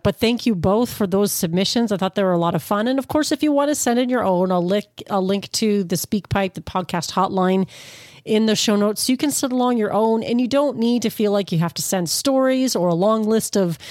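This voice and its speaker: A woman's voice: medium pitch, darkish tone, no echo, clean studio sound. A woman hosting a podcast, chatting casually with playful asides while introducing listener submissions. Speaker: podcast host.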